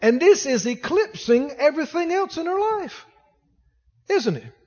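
A man preaching a sermon as pastor, exhorting the congregation and rising to shouts. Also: very high voice, sing-song, unhurried, in a large hall, muffled recording.

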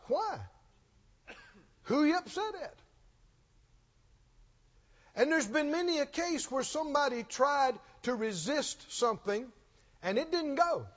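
A man preaching a sermon, telling a story and then pressing his point with slow, emphatic, rising intensity. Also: extremely high pitch. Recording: dull lo-fi sound in a long-reverb hall.

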